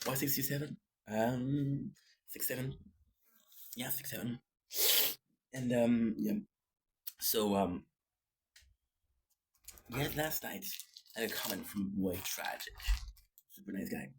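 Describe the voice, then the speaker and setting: Mid-range and slow, with long pauses, this Canadian vlogger's voice comes with slight background noise. Short on sleep, he goofs through a daily video diary, rambling, joking, singing snippets, and doing jokey voices.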